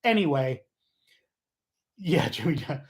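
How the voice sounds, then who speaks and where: A man hosting a casual livestream, rambling and joking, often losing his train of thought and getting loud and fired up. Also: on the high side, expressive, takes it slowly. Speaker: livestream host.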